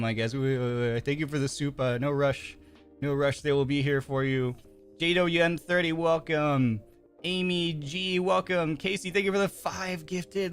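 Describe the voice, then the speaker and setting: A man's voice: on the high side, fairly bright tone. Young guy streamer w a lightish voice, reading chat names n thanking ppl, faint music behind. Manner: upbeat, reads names aloud and thanks viewers, stumbles on names. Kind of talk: casual livestream chat.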